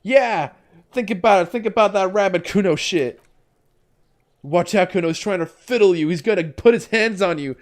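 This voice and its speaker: A man's voice: moderate pace, lightly acted. A man voicing a bratty, foul-mouthed boy who taunts a cop in a video game. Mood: mocking. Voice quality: shrill, taunting, shouty.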